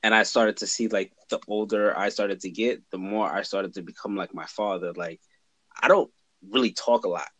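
A man's voice: lowish voice, normal speed, fairly bright tone, no echo. A young man in casual chat on a podcast, talking bluntly and laid-back, swearing freely. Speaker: podcast co-host, cousin.

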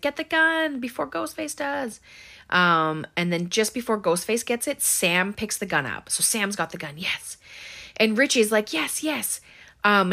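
A woman talks through a film recap in a loose, chatty way, dotting her speech with "um" and "like". Her voice sits a little low but sounds bright and clear. She slips into quick impressions of the characters as she goes. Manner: chatty, lots of "um" and "like", acts out quoted lines. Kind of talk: casual spoken film recap.

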